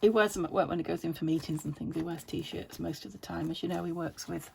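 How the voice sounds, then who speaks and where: A fast-talking woman with a lowish, steady voice and vocal fry speaks over a little hiss or hum. She's a UK-based British junk journal crafter, chatty and rambling in her vlog, dropping into murmurs as she crafts.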